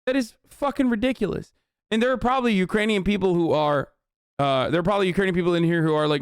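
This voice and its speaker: High-voiced man ranting profanely. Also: lively intonation, a little fast, long pauses, clear, resonant tone, no room sound, clean studio sound. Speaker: livestream host. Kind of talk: heated political commentary on stream.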